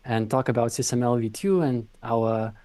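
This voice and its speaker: Mellow-voiced man explaining with dry sound. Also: medium pitch, measured pace, no room sound. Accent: Lithuanian. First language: Lithuanian. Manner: thoughtful, explanatory, with frequent restarts. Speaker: podcast guest, company founder. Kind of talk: conversational interview explanation.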